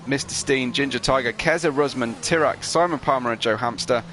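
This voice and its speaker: A man's voice: medium pitch, fairly quick, fairly bright tone, slight background noise. A man commentating an online racing qualifying session, chatty, reading out viewer messages with frequent fillers. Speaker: race commentator.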